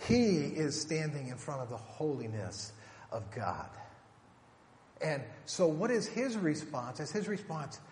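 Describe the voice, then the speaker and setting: Brief: male preacher, emphatic sermon delivery, drawn-out scripture quotes, reverberant sanctuary sound. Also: mid-range voice, lively intonation. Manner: emphatic, rhetorical questions, slows for scripture. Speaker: pastor. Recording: echoey hall, faint room noise.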